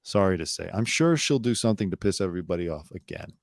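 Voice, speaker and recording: A man's voice: low-pitched, expressive, quick pace, vocal fry, no echo, studio quality. A man hosting his own live show, giving blunt, sarcastic commentary with casual swearing. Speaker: host.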